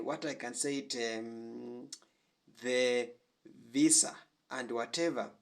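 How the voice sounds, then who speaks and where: A man's voice: mid-range voice, fairly bright tone. A man hosting a reaction channel, giving earnest commentary from Africa with frequent hesitations and fillers.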